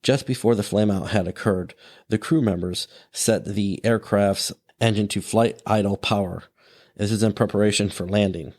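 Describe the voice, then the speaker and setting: A man hosting a podcast, his voice sitting a little low. He narrates in a relaxed, conversational way, adding fillers and side remarks as he goes. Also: moderate pace. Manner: casual, with fillers and asides. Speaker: podcast host.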